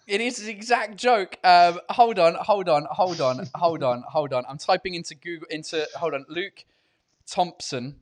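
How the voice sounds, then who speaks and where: Animated laughing man hosting a live chat. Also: high-pitched, moderate pace. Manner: animated, laughs often, repeats "hold on"; mixes English and French. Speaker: host of a live show. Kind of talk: casual live-stream chat.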